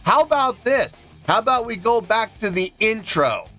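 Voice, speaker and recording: A man's voice: sits high, very animated, normal speed, pushed and bright, soft background music. A man reviewing a song in an emphatic, indignant rant, counting out beats aloud. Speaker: music reaction reviewer.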